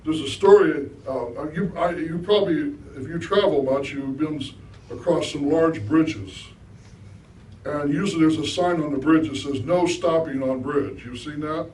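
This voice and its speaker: A middle-aged man with a somewhat high voice gives a relaxed spiritual talk, often turning to his audience with questions. He sounds set back from the mic, and the hall around him echoes, with a faint hiss of room noise. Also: moderate pace, distant mic. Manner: conversational, asks the audience questions. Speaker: guest speaker.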